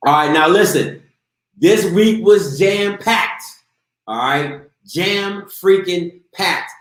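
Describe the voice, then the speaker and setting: A man's voice: high voice, slow pace, a bit bright. Hyped man hosting, echoey room. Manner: hyped, slangy, talks straight to viewers. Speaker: show host. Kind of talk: casual live interview show.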